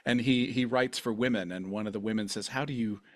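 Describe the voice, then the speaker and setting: A man's voice: fairly low pitch, steady tone, fairly quick, no echo, clean studio sound. A man hosting a podcast interview, rambling and effusive in his praise. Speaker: podcast host. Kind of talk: casual interview chat.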